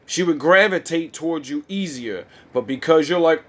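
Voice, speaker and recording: Blunt, mocking man, slightly high voice. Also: moderate pace, few pauses, fairly bright tone. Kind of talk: casual chat.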